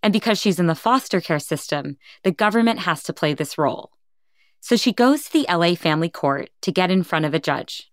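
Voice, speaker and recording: Low-voiced woman host narrating. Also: lively intonation, brisk, dry recording, studio quality. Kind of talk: scripted narration.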